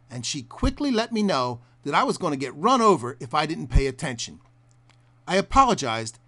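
A man narrating a documentary report in a measured storytelling way. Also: a little high, fairly bright tone.

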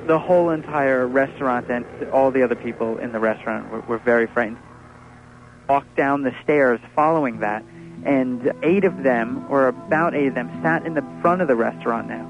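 A man giving spoken testimony, recounting in measured detail how he was held during a police raid. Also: mid-range voice, highs cut off.

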